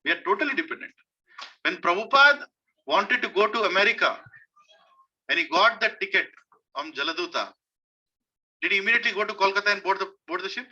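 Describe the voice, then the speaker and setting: High, bright-voiced Indian man preaching. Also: breathy edge, muffled recording. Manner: emphatic, repeats key phrases. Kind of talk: devotional sermon to a congregation.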